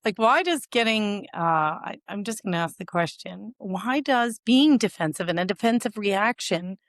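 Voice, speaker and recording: A woman's voice: medium pitch, lively intonation, moderate pace, dry recording, studio quality. A woman hosting a podcast interview, asking hesitant, searching questions and giving frequent short backchannels. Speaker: podcast host.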